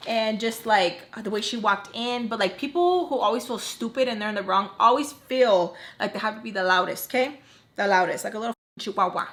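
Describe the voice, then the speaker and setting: A woman's voice: mid-range voice, a little fast, fairly bright tone. A young woman vlogger chatting casually through a storytime while doing her makeup, full of "like" and acted-out quotes. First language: English. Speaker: beauty vlogger.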